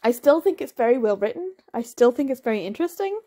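Woman, candid book reviewer, chatty and opinionated, fairly high voice, mellow warm tone. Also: big pitch swings, fast talker, few pauses. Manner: acts out quoted voices, laughs. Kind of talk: casual video review.

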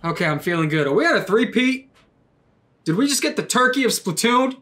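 A young man giving loud, excitable gameplay commentary, swearing and trash-talking his opponents. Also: very high-pitched, a little fast, faint music behind. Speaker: gaming YouTuber.

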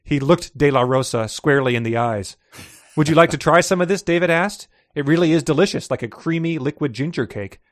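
A man's voice: fairly high pitch, a little fast, no room sound, studio quality. A man co-hosting a casual podcast, reading fiction excerpts aloud with light character voices and frequent laughter.

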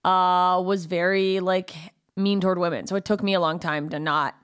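A woman's voice: on the low side, flat delivery, moderate pace, a bit bright, clean tone. A woman in her thirties, a comedian co-hosting a podcast, chiming in with playful, profane banter. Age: 30s. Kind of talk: casual chat.

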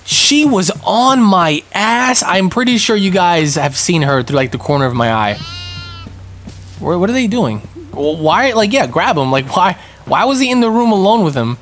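A young man talks through a multiplayer game as he plays. His high voice swings widely, jumping from casual slang into panicky yelps. Faint music plays behind him. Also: big pitch swings, normal speed, fairly bright tone. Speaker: gaming streamer. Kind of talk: live gameplay commentary.

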